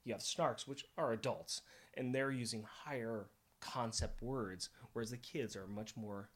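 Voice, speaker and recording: A man's voice: mid-range voice, unhurried. A middle-aged man co-hosting a casual comic book podcast, enthusiastic and jokey, laughing often. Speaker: podcast co-host.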